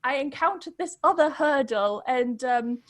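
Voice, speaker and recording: High-voiced chatty young Englishwoman. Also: expressive, fairly bright tone, no echo. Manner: chatty, quick, laughs often. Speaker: podcast guest, English pronunciation teacher. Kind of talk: casual storytelling interview.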